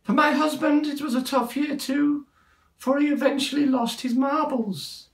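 Performer playing a high-voiced, deadpan, crude old queen; echoey room, distant mic. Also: normal speed, gravelly. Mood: mock-regal. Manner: mock-regal, deadpan, crude. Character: foul-mouthed older queen giving a Christmas speech. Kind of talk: parody televised address.

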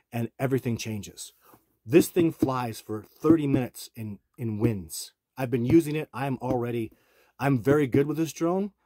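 A middle-aged man with a husky, slightly breathy voice speaks straight to his viewers. He keeps pressing the same points in a rambling, self-assured monologue. The sound is close and dry, with no room around it. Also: medium pitch, a little mellow, no room sound. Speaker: bigfoot researcher and channel host.

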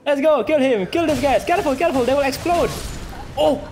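A streamer giving excitable live gameplay commentary, full of trash talk, laughter, repeated taunts and non-native English grammar. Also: sits high, quick pace, a little hiss or hum. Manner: taunting, repeats short phrases.

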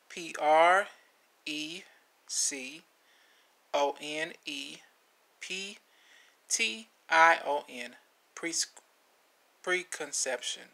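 A man hosting a vocabulary video, naming each word, spelling it letter by letter and repeating it, with relaxed asides. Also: fairly high pitch. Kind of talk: slow spelling lesson.

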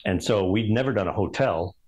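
A male architect guest telling stories in casual conversation, halting, with many ums and restarts. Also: fairly low pitch, darkish tone, poor audio. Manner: rambling, halting delivery full of ums and restarts.

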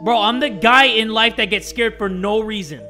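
Excitable high-voiced man yelling at a horror game. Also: moderate pace. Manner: excitable, swings from hushed muttering to loud screams. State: strained voice from screaming. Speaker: gaming video host. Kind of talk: horror game playthrough commentary. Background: creepy game music.

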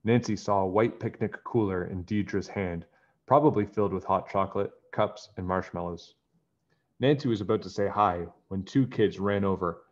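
A man narrating a children's book aloud in a plain, even storytelling manner. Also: deep voice, normal speed, muffled recording.

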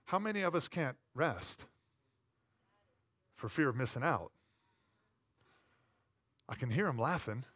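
A man preaching a sermon as pastor, conversational and playful, dropping to quiet asides and rising to loud, emphatic repetition. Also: mid-range voice, big pitch swings, unhurried, long pauses, breathy edge.

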